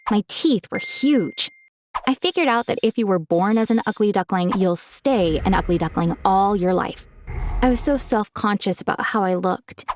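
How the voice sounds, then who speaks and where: A woman telling an animated story in the first person, calm and reflective. Her voice sits at a middle pitch, with faint music playing underneath. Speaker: narrator. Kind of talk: scripted storytelling narration.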